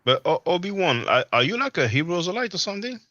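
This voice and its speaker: Bright-voiced man hosting a live stream. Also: high-pitched, big pitch swings, quick pace, no room sound, dull audio. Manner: rambling, many fillers, quotes others mockingly. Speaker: livestream panel host. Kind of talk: casual call-in commentary.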